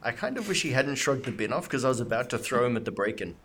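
A man playing in a tabletop game, talking in an animated, excitable way. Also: mid-range voice, quick pace, a little hiss or hum. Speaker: player. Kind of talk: casual tabletop game chat.

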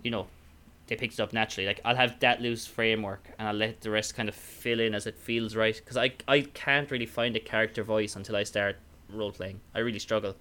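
An Irish man in easy conversation, his voice bright and clear with a smooth ring. He rambles through his thoughts, leaning on fillers and starting sentences over. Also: lowish voice, steady tone, a little fast. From Ireland. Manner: rambling, full of fillers and restarts. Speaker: podcast guest, tabletop player. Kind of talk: casual chat.

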